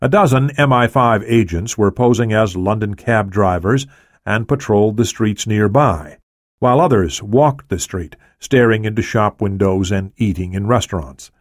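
Man reading an audiobook, low voice, dry close sound. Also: moderate pace, dry recording. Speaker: audiobook narrator. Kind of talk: audiobook narration.

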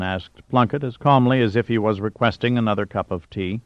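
A man reading an audiobook in a measured, steady narration. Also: on the low side, dry recording. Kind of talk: scripted narration. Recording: dull dry lo-fi audio.

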